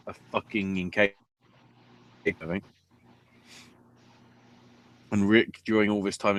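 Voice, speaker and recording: Male podcast host, low voice, slow, sarcastic and profane. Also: a bit bright. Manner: profane, sarcastic, unhurried drawl. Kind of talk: casual wrestling recap chat.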